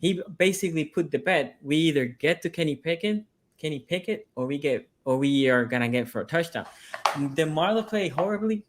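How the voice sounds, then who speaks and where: A man's voice: a little high, lively intonation, a little fast. A man on a sports podcast debating his team's game, stressing points by repeating them. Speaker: sports podcast panelist, team fan.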